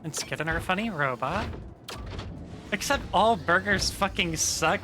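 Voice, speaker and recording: A woman streamer chatting casually with viewers while playing, relaxed and profane, rambling with lots of fillers. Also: lowish voice, measured pace, slight background noise. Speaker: game streamer. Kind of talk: casual stream chat reading viewer messages.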